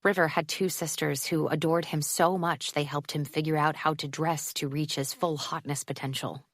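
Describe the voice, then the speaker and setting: Lady reading a romance audiobook, low voice, super dry close mic. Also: steady tone, normal speed, no echo. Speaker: audiobook narrator. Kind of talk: scripted narration.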